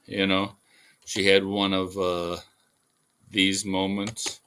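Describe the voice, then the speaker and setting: A man's voice: sits low, completely flat delivery, slow pace, a bit bright, a little hiss or hum. A man hosting a livestream as an artist, telling stories in a rambling casual monologue with fillers and chuckles.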